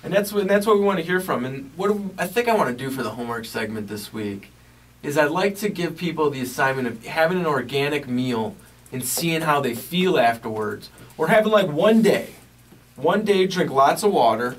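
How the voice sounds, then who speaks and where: A podcast host with a slightly high voice, lively intonation, and a fairly quick pace chats in a small studio, with slight background noise. His casual, radio-style talk is rambling, upbeat, and packed with filler words, picked up by a distant mic that gives a roomy sound.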